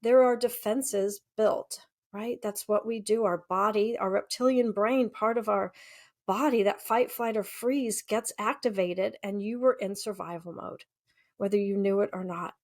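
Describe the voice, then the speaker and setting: A middle-aged woman, a somatic healing practitioner, gently explaining things in a podcast chat and often checking in with "right?". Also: mid-range voice, steady tone, measured pace.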